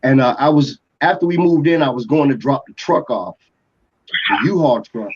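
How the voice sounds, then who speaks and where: A music producer from Atlanta telling a rambling story in a casual interview, full of restarts and fillers. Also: male voice, medium pitch, normal speed, breathy edge. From Atlanta, USA. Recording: dull lo-fi podcast audio.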